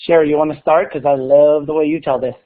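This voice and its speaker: A man's voice: a little high, steady tone, quick pace. A man, a school librarian, presenting on a webinar in an upbeat, enthusiastic, joking way. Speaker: school librarian and podcast host. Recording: tinny phone-like line.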